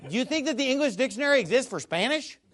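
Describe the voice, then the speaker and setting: A man giving an emphatic, scornful video monologue about scripture, stumbling over repeated words and bursting into loud shouts. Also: very high voice, lively intonation, racing. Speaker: Bible commentator.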